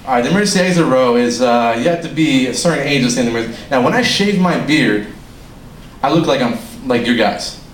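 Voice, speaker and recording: A man's voice: medium pitch, animated, fast talker, slight background noise. A young man doing an amateur stand-up set, rambling, swearing and laughing at his own jokes, in a small room with an audience. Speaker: stand-up comic. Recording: echoey room, faint ambience.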